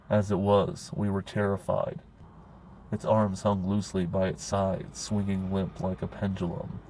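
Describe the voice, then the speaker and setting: A man narrating a horror story in a grim, steady storytelling manner. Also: low voice, low-quality recording.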